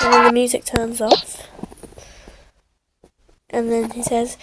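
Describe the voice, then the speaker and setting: A woman telling a game story in a chatty, sing-song way, over loud game music. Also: on the high side, monotone, unhurried, pauses often, heavy background noise. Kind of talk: narrating a game playthrough story.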